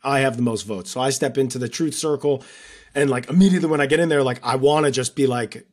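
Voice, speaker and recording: A podcast co-host who was once a contestant recounts an emotional experience in casual conversation, leaning heavily on fillers like "like." His mid-range voice is fast and slightly rough.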